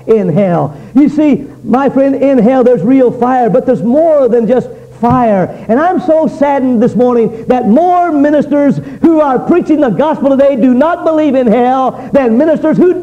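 A man preaching a fiery revival sermon, swinging between loud pleading and low, intense warnings. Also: muffled recording.

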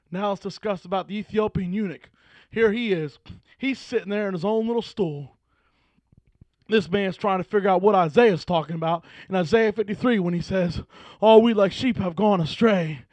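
A man preaching a sermon, telling a Bible story and swinging between hushed asides and shouted, fervent passages. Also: high voice, normal speed, no echo, lo-fi sound.

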